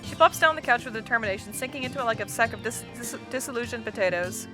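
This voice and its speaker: A woman's voice: fairly high pitch, very fast, few pauses, music in the background. A woman hosting a let's-play, reading a visual novel aloud with casual, chatty commentary and laughing at the script.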